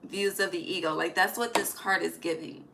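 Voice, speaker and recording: A woman's voice: on the low side, steady tone, normal speed, creaky, background noise. A woman giving a casual, emphatic tarot reading, swearing freely and dropping slangy asides. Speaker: tarot reader. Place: home at night.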